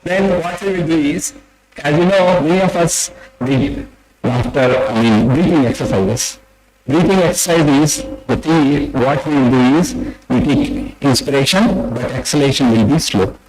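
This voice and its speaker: A man's voice: a little high, a little slow, rough recording. A man giving a jokey talk at a medical meeting and leading the audience in laughter exercises. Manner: animated, leads audience in chanting.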